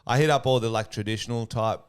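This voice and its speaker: A man chatting casually as a comedian guest, swearing and telling animated stories. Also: medium pitch, fast, smooth. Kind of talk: casual chat.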